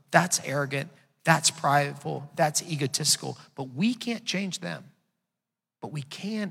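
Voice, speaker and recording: Gravelly, bright-voiced preaching man. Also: a little high. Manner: conversational preaching with emphatic repetition. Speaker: pastor. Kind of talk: sermon. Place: church auditorium. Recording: long reverb of a church hall.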